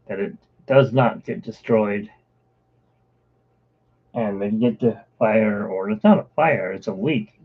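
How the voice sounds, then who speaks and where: A man chatting casually on a live art stream, rambling from one topic to the next. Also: fairly low pitch. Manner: rambling, drifting between topics. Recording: tinny phone-like live-stream audio.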